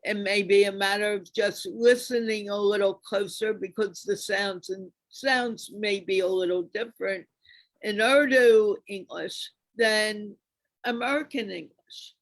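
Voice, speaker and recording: A woman moderating a conference panel, posing her questions carefully and deliberately. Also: medium pitch, fairly even intonation, no room sound, rough recording.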